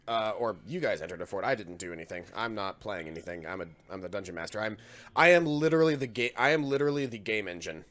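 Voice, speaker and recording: A man's voice: fairly low pitch, expressive, fast talker, a bit bright. A man running a tabletop game as dungeon master, joking around and laughing often.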